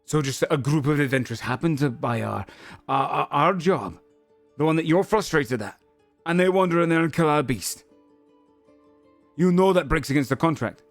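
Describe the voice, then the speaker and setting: A man's voice: a little high, lively intonation, normal speed, no room sound, soft background music, voice pushed up. Man doing a furious, blustering guild foreman. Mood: indignant. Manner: shouting, indignant, swearing.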